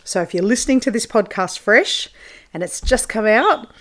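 A woman's voice: mid-range voice, animated, moderate pace, fairly bright tone. Chatty woman podcast host. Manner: chatty, informal, many fillers. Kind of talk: solo podcast talk.

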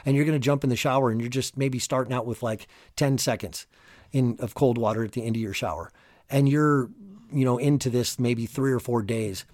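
A man's voice: mid-range voice, fairly quick, no room sound, clean studio sound. Emphatic male motivational podcast host. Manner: energetic, emphatic, casual coaching tone. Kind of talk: solo motivational podcast talk.

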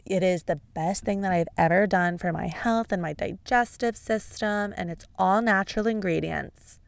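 A woman voicing a young female wellness influencer with a gushing sales-pitch manner. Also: moderate pace, creaky, no echo, close to an everyday voice.

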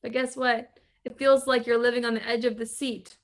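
Speaking at normal speed with a fairly high voice and a flat delivery, a woman business coach hosts her podcast. Her motivational monologue is emphatic, repetitive, and packed with rhetorical questions aimed at coaching listeners.

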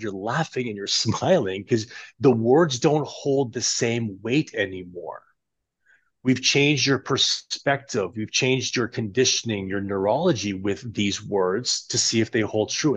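Man, podcast guest coach, animated and instructive, mid-pitched voice, guides listeners step by step. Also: measured pace, breathy edge. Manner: animated, instructive, guiding listeners through exercises. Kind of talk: conversational coaching demonstration.

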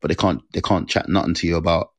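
A man hosting a live audio room, talking casually and rambling, full of fillers and quick impressions. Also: low-pitched, steady tone, husky, dry recording. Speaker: host of a live audio room, NLP practitioner.

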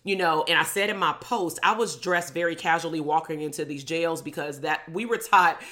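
A middle-aged clinical psychologist from Compton, Los Angeles, hosts her own podcast and tells a story from her life as a casual monologue, blunt, sarcastic and swearing freely. Her voice sits low, pushed and bright, at a normal speed.

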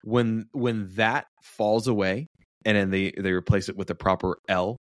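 A man's voice: on the low side, little pitch movement, moderate pace, no echo, studio quality. A man in his thirties co-hosting a podcast, talking in an upbeat, joking way with lots of fillers. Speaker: podcast co-host. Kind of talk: casual chat.

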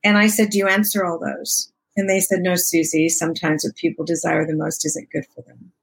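Gravelly and husky, with a voice on the low side and a brisk pace, a woman in her sixties tells a personal story as an interview guest. She's expressive and chatty, acting out dialogue and laughing often.

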